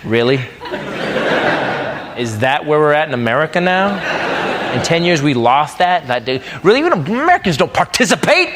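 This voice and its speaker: A man's voice: fairly high pitch, big pitch swings, moderate pace, long pauses, heavy background noise. A man doing a stand-up comedy routine on stage, ranting in an exasperated, mock-patriotic way. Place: comedy club stage before a live audience. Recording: live show with loud audience laughter.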